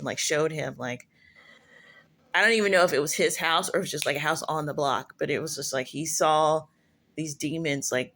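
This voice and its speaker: A woman's voice: sits low, fairly bright tone. A woman talking through spiritual experiences in a casual, rambling monologue, full of fillers and self-corrections. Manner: musing, self-correcting storyteller. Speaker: prophetess sharing spiritual musings.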